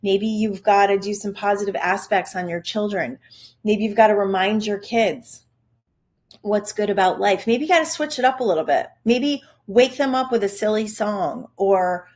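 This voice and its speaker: A middle-aged woman hosts a parenting podcast as a parenting coach, speaking straight to the listener in an upbeat, chatty motivational monologue. Her voice sits mid-range, a little mellow, at a normal speed.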